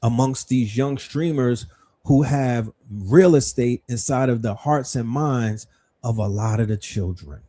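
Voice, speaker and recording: Mellow-voiced man hosting a livestream. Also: medium pitch, a little slow. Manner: rhetorical, questioning, profane. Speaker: livestream host. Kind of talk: livestream commentary.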